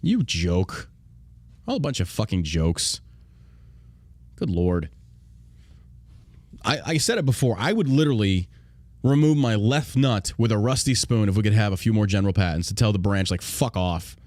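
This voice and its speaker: A man's voice: lowish voice, animated, moderate pace, pauses often, a little mellow, dry recording. A man hosting a podcast, ranting in a profane, combative and indignant way. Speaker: podcast host.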